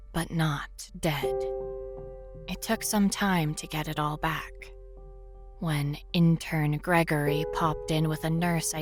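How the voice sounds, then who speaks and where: Young woman reading horror in first person, low slow and hushed, faint music behind. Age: young adult. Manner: hushed, often whispery. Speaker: narrator.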